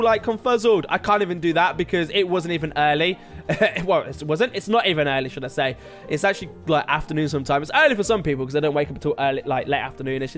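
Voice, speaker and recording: Young male game host, high voice, bouncy pitch, rambling self-mocking commentary. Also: a bit bright. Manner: chatty, rambling, laughs at himself. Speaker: gaming video host. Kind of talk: casual let's-play commentary.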